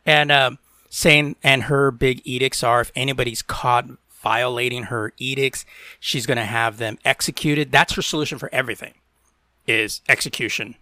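A man's voice: medium pitch, steady tone, moderate pace, pushed and bright, dry recording, studio quality. A man co-hosting a podcast, telling stories in casual chat, often laughing and mimicking people in a raised voice. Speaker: podcast co-host.

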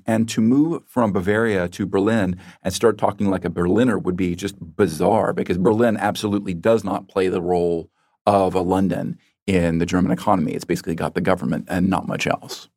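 An American man answering interview questions as a guest expert, in a measured, explanatory way with small self-corrections. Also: on the low side, darkish tone, dry recording, clean studio sound. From United States.

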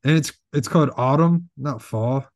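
A man's voice: medium pitch, moderate pace, dry recording. A young man co-hosting a podcast, teasing and laughing often. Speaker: podcast co-host. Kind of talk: casual chat.

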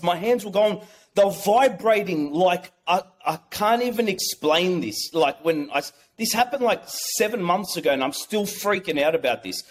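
Excitable man telling a story, swearing. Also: high voice. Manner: acts out quotes. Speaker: guest. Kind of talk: casual storytelling.

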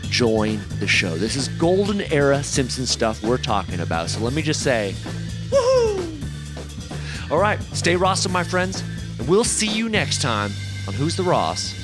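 A man's voice: medium pitch, sing-song, moderate pace, over music. A man hosting a comedy podcast, reading enthusiastic scripted links. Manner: enthusiastic, gushing. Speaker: podcast host.

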